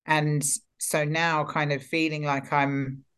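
A woman's voice: deep voice, flat delivery, takes it slowly, fairly bright tone, smooth. A woman energy healer and coach, a podcast guest, talking reflectively and often circling back as she searches for the right words. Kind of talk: casual podcast conversation.

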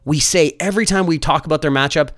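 A man giving scripted football commentary with wry joking asides and a playful, animated delivery. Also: on the high side, quick pace, no room sound, studio quality.

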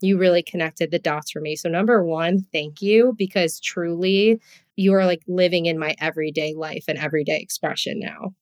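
Expressive woman with a New Jersey accent. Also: on the low side, moderate pace. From US East Coast. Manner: expressive, heartfelt, frequent "like" fillers. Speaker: podcast host. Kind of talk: casual podcast conversation.

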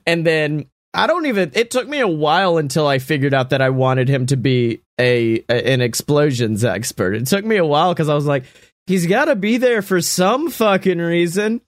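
A young man chatting about the show he created. His voice sits a little high for a man, and it sounds dry and close, with no room echo. He talks animatedly, laughs often and swears freely. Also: expressive, brisk, hardly any pauses. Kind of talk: casual podcast chat.

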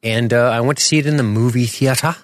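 A man's voice: medium pitch, steady tone, quick pace, dry recording, studio quality. A man in his forties co-hosting a podcast, rambling and joking with casual swearing. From United States. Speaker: podcast co-host. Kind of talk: casual chat. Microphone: studio microphone.

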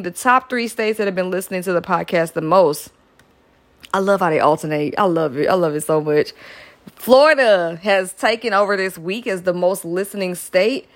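A young woman hosting her own podcast, chatting upbeat shout-outs to listeners. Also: lowish voice. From Metro Atlanta, US South. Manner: chatty and upbeat, with frequent "y'all" and laughs. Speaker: podcast host.

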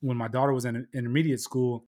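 A man's voice: mid-range voice, little pitch movement, quick pace, darkish tone. A middle-aged man hosting a podcast, telling stories casually and with plenty of profanity, acting out the voices he quotes. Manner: profane storyteller who acts out quoted voices. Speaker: podcast host. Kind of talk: casual chat.

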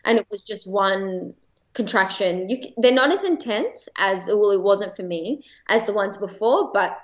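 A woman's voice: medium pitch, lively intonation, normal speed, muffled recording. An Australian woman telling a personal story as a podcast guest in a chatty way, full of fillers and light laughter.

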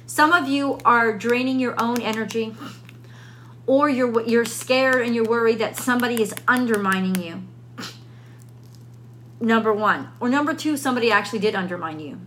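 A woman talks through a tarot reading in a bright, fairly high voice. She thinks aloud, repeats her questions and restarts her sentences. A faint hum sits under the recording. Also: moderate pace. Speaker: tarot reader. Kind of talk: casual spoken tarot reading.

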